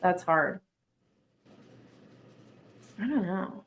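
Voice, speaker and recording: A woman's voice: on the low side, animated, extremely slow, slight background noise. A young woman co-hosting a podcast, chatting casually with a friend, laughing easily and dropping "like" into her sentences. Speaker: podcast co-host. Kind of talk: casual chat.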